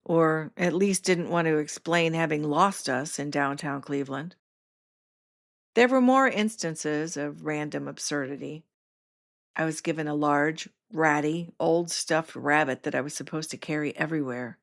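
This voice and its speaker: Low-voiced woman reading a wry memoir. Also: measured pace, vocal fry. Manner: wry, self-mocking humor. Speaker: podcast host reading her memoir. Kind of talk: first-person memoir narration.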